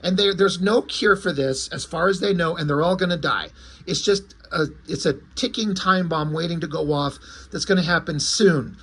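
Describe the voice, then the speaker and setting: A man's voice: fairly high pitch, normal speed, fairly bright tone, breathy edge. A man casually reviewing an old comic book, rambling and correcting himself as he goes, with the odd swear word.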